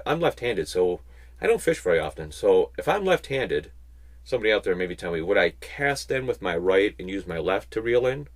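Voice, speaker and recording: A man giving a casual Bible teaching, chatting with rambling asides and slowing down to stress key points. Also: lowish voice, a bit bright. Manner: conversational, rambling asides, slow emphatic stresses. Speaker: Christian speaker.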